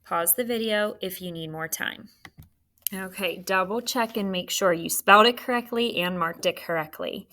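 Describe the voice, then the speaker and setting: In a classroom, a woman with a medium-pitched voice, pushed and bright, teaches young children a phonics lesson at a moderate pace. She sounds out letters and syllables patiently and encouragingly.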